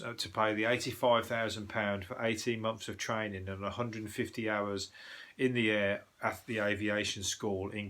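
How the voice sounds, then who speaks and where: A man's voice: lowish voice, pushed and bright. A man hosting a podcast, ranting through the news in a rambling, profane comic style. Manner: sweary, rambling, puts on quick voices for people he mocks. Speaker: podcast host.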